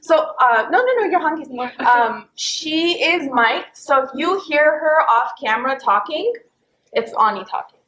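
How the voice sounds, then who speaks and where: Woman host, playful, sarcastic, somewhat high voice, roomy echo, faint noise. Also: lively intonation, moderate pace, fairly bright tone. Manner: playful, sarcastic, laughs often. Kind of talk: casual chat. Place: home dining table.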